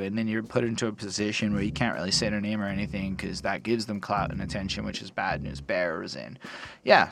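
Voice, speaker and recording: A man casually reviewing rap songs, rambling and swearing loosely as he reads lyrics aloud. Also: on the low side. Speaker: music reviewer.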